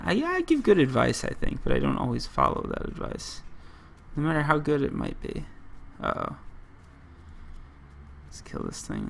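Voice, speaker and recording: A man's voice: medium pitch, gravelly, slight background noise. A man from the United States giving rambling gameplay commentary, often breaking off mid-story and leaning on "like.". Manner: rambling, self-interrupting, lots of "like". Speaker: gaming channel host.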